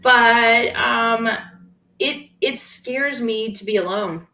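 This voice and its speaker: Woman guest chatting, kinda high voice, emotional and animated, echoey room sound. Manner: emotional and animated, quick to laugh. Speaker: podcast guest. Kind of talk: casual conversation.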